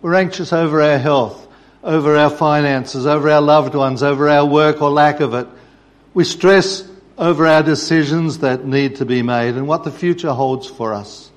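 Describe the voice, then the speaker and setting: A man preaching a sermon, telling a story in a measured way. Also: fairly high pitch.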